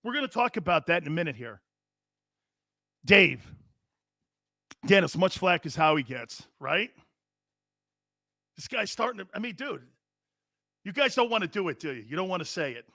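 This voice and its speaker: Man, middle-aged sports talk host, high lively voice, gravelly edge, loud and teasing, dry close sound. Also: moderate pace, pauses often, dry recording. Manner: loud, hollering, laughing, teasing viewers. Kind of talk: live sports talk reading chat comments.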